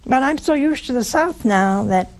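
An older woman teaches an audience in a homespun, conversational way. Her fairly high voice leaps up sharply for emphasis and then sinks low and soft. She talks like she is chatting with the room. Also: moderate pace. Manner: animated, folksy, swings from high emphasis to low hushed tones. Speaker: religious teacher. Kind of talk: spoken Catholic teaching talk. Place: live talk before an audience.

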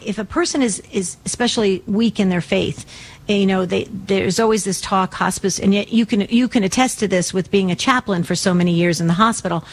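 A woman hosting a faith talk show who rambles, with many restarts and fillers. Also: medium pitch. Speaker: radio show host.

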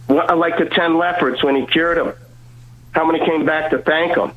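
A man's voice: on the high side, steady tone, normal speed, narrow, tinny audio. A male guest earnestly telling a personal faith story, repeating words and acting out the voices of people in it.

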